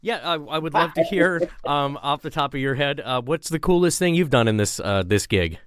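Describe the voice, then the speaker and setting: A man's voice: on the high side, lively intonation, moderate pace, fairly bright tone, smooth. A man hosting an interview podcast, asking rambling, friendly questions. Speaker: podcast host. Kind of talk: casual interview.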